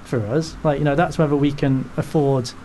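A man hosting a football chat podcast, talking in a slightly higher register with a loose, joking, rambling delivery. There is faint room noise in the background. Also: level tone, dark tone. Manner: jokey, rambling, quick asides. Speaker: podcast host.

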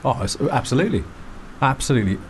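A man co-hosting a casual football podcast, dropping dry, quick quips. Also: mid-range voice, sing-song, a little hiss or hum. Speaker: podcast co-host.

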